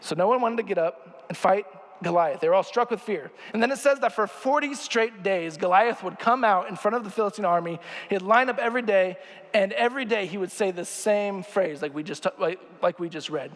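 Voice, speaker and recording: A young male preacher with a fairly high voice gives a relaxed, joking sermon and keeps checking in with the crowd. His voice rings out with the long reverb of a large church sanctuary. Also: a little fast. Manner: chatty and jokey, asks the crowd questions. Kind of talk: casual sermon.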